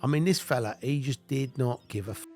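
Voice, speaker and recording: A man's voice: mid-range voice, brisk, darkish tone, soft background music. An English man in his fifties telling blunt, swear-filled stories about his own past and breaking into laughter as he goes. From England. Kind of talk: casual anecdotal storytelling.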